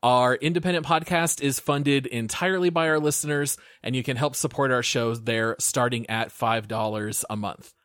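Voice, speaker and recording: A man's voice: medium pitch, steady tone, normal speed, hardly any pauses, fairly bright tone, no echo. A man hosting a gaming podcast, reading the intro in an upbeat, announcer-like way and then chatting casually. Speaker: podcast host.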